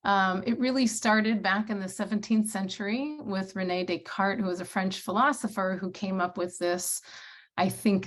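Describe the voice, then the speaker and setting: A woman co-facilitating an online workshop on a video call, speaking reflectively and sometimes searching for her words. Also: medium pitch.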